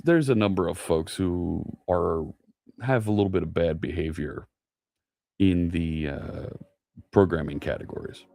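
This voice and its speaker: A middle-aged man, host of a live coding stream, chatting casually and answering viewers' messages out loud, with plenty of fillers. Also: low voice. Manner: chatty, reads chat aloud, many fillers. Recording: faint music underneath.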